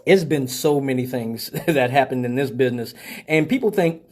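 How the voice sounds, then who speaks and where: A man hosting a live show, telling a profane story in a casual, animated way and laughing often. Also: mid-range voice, moderate pace. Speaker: host of a live call-in show.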